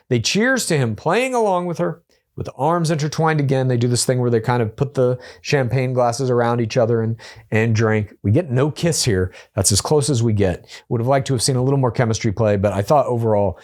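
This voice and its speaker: A man hosting a casual reality show recap, chatty and opinionated, with quick asides. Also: medium pitch, darkish tone. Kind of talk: casual episode recap commentary.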